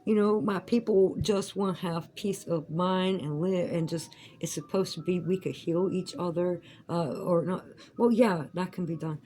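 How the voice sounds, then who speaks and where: A woman's voice: on the low side, moderate pace, few pauses, warm tone, a little hiss or hum, rough recording. Profane rambling woman vlogger. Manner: profane, rambling, laughs often. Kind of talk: casual rambling monologue. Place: at home while crafting.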